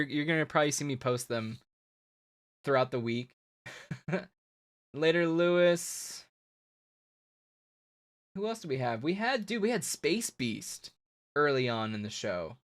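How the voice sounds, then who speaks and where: A man hosting a comics live stream, chatting loosely and ranting to his viewers. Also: on the high side. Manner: loose, ranting, laughing, talks to chat. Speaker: comics show host. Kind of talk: casual live-stream wrap-up.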